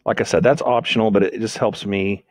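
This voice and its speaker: A very low-voiced teacher works briskly and in a steady tone through a screen-recorded lesson on outlining notes, thinking aloud and fixing his own slips as he types. The sound is dry and close, like a desktop mic, with no room sound.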